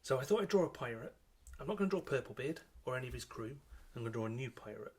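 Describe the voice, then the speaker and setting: Husky middle-aged man teaching kids to draw. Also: mid-range voice, lively intonation. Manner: chatty and unhurried, with frequent ums. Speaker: children's author and illustrator leading a drawing workshop. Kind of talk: friendly explaining to children while drawing.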